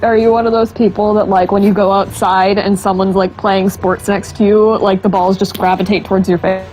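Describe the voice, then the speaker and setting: A woman's voice: medium pitch, level tone, brisk, over music, poor audio. Chatty, playful woman on voice chat. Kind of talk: casual chat.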